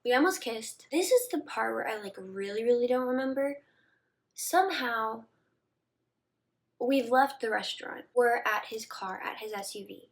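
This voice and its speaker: A young woman speaking straight to her audience in a relaxed storytime vlog, her voice sitting a little on the high side. She talks loosely and conversationally, scattering "like" through her sentences and sometimes dropping to a soft murmur. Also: moderate pace. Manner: chatty, many "like" fillers, drops into soft murmurs. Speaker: vlogger. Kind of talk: casual storytime to camera.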